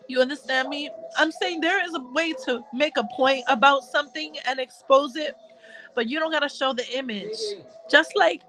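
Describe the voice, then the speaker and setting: High-voiced woman, heated rant. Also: moderate pace, bright, forceful tone, faint music behind, poor audio. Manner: heated, repetitive, talks straight to viewers with religious asides. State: crying. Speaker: commentary vlogger. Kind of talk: emotional casual rant to viewers.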